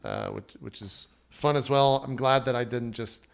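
A man's voice: medium pitch, normal speed, creaky, clear, resonant tone. A man chatting casually about playing a tabletop game character, enthusiastic and rambling and laughing often. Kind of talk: casual podcast chat.

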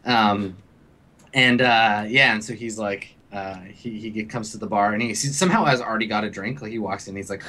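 A man's voice: lowish voice, fairly even intonation, brisk, sharp tone, a little hiss or hum. A man running a tabletop role-playing game, narrating loosely with lots of fillers. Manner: loose and rambling, with many fillers. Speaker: game master.

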